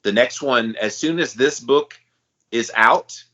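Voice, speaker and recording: A man's voice: mid-range voice, slow pace, pushed and bright. A man co-hosting a podcast in casual chat, talking with eager, hyped-up enthusiasm. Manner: enthusiastic, self-described hype guy. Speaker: podcast co-host. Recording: slightly dull, lo-fi sound.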